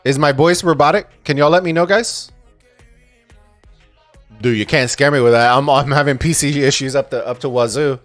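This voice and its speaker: An excitable man streaming and casting a strategy game tournament, reading his chat aloud and swearing casually. His voice sits at an ordinary middle pitch and sounds dry and close, with no room echo. Faint music plays underneath. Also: moderate pace, long pauses. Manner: excitable, swears freely, chatty with viewers.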